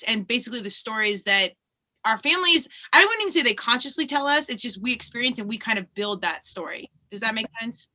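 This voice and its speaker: A woman from Colorado hosting a podcast, chatting in a bubbly, animated way and laughing easily. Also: a little high. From Colorado, USA. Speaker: podcast host. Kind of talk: casual podcast conversation.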